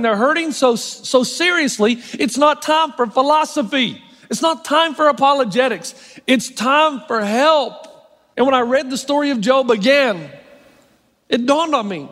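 A man pastor preaching a sermon with wry, self-mocking humor, slowing down to stress key phrases. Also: very high-pitched, fairly bright tone. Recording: long hall reverb.

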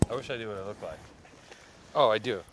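Fast sarcastic man, lively voice, exasperated, outdoor noise behind. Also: lowish voice. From Los Angeles. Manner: exasperated, sarcastic, quick complaints. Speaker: podcast host. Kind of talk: casual chat outdoors. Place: outdoors on a hike.

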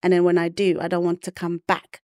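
In this personal interview story, a podcast guest from Ghana opens up with honesty and reflection about a hard chapter she lived through, voicing the people she quotes. She speaks a bit quickly in a lowish, slightly mellow voice with an entirely flat delivery. There's no room sound, just clean studio audio.

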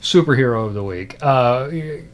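A man hosting a casual podcast chat about superhero shows, animated, often laughing and trailing off into fillers. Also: medium pitch, moderate pace. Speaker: podcast host.

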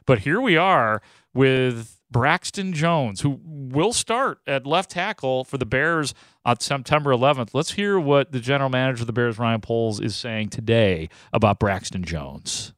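A man's voice: mid-range voice, animated, moderate pace, a bit bright, no room sound. A man hosting a sports radio show, talking in a casual, loose way with frequent restarts. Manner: chatty, loose, lots of restarts.

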